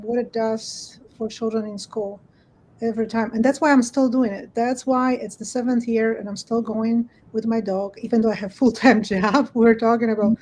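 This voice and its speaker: A woman's voice: fairly high pitch, steady tone, normal speed, a little mellow, slight background noise, poor audio. A woman guest on a panel who laughs often and restarts her sentences as she talks. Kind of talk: casual panel discussion.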